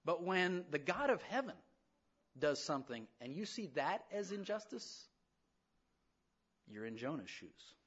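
A man preaching a sermon in an animated way, acting out the voices of the people he talks about. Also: high-pitched, unhurried, pauses often, breathy edge, dull audio. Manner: animated preaching, acts out voices, rising to loud emphasis. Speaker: pastor.

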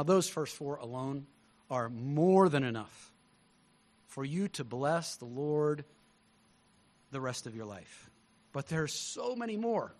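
A male pastor preaching a sermon, telling stories with lively swings between loud emphasis and hushed tones. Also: a little high.

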